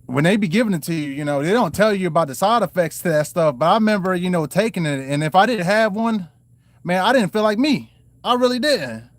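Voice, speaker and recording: A man tells his life story in a loose, rambling way, leaning on "you know" and restarting his sentences. His voice sits a little on the high side. The sound is dry and close, with no room echo. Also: expressive, fairly quick. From Maryland and North Carolina, US. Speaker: channel host telling his own story. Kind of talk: casual storytelling to camera.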